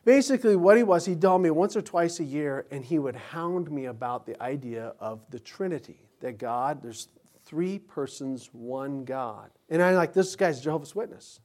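A pastor giving an informal Bible teaching, telling rambling personal anecdotes. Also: male voice, on the high side, expressive, normal speed, a little mellow.

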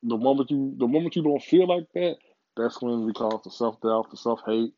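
A man's voice: mid-range voice, moderate pace, dark tone, dry recording, highs cut off. A man giving a casual, rambling motivational monologue, profane and full of repeats.

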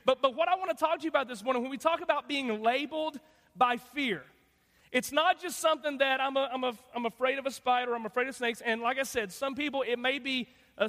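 High-voiced joking preacher in a reverberant hall. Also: male voice, sharp tone. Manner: conversational, joking, lots of fillers and restarts. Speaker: guest preacher. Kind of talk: sermon. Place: church sanctuary.

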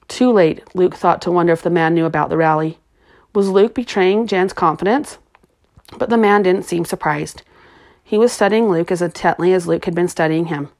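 A woman's voice: lowish voice, normal speed, a little mellow. Woman reading a novel aloud. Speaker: audiobook narrator. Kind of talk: scripted narration.

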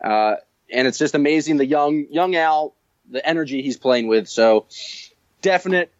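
A man's voice: a little high, expressive, moderate pace. A man co-hosting a casual sports podcast, talking with enthusiasm and rambling through fillers. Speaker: podcast co-host. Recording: dull, dry lo-fi sound.

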